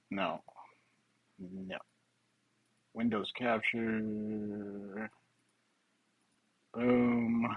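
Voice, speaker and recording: A man's voice: on the low side, muffled recording. A man hosting a live stream, casual and thinking aloud, who swears and laughs easily.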